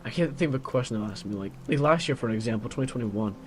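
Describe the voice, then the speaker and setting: A teenage guy rambles on in a casual, grumbling monologue, filling every pause with "like." His pitch sits mid-range for a man. Soft lo-fi music plays faintly behind him. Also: expressive. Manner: grumbling, filler-heavy with constant "like". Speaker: vlogger.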